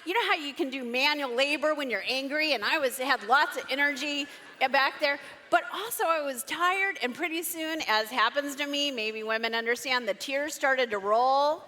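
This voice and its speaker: A woman telling a personal story to a live audience at a marriage seminar, in an animated, expressive way. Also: high voice, moderate pace. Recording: long hall reverb.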